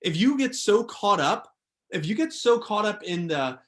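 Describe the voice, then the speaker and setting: A man's voice: high voice, very animated, measured pace, a bit bright. A young man leading a sales training workshop, speaking emphatically and repeating his key phrases.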